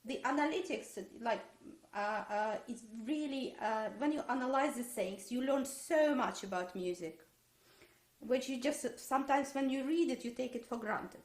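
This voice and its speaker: A woman's voice: high voice, moderate pace, a little mellow. Woman teacher in a roomy echo. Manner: hesitant with many fillers, sings phrases on da-da syllables. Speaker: violin teacher. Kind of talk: online masterclass instruction.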